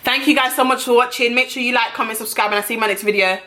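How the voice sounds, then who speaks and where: Young woman ranting a storytime vlog to camera, bright sharp voice, kinda high, swears a lot. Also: very fast, hardly any pauses. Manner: brash, profane and animated. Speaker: vlogger.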